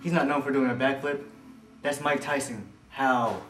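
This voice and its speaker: Deadpan young man in an echoey room. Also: medium pitch, moderate pace. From Northern California. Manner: deadpan, incredulous. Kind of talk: comedy sketch, mock self-questioning. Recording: echoey room with clear noise.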